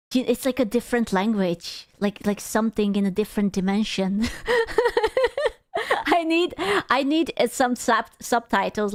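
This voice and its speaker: Woman streamer from Europe, sweary and sarcastic, higher voice, dry close sound. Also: no echo. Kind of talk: casual reaction stream.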